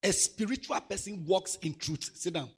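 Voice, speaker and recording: Man, high husky voice, animated preacher exhorting youth. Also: moderate pace. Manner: animated, swings from soft asides to loud exhortation. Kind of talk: sermon to young people.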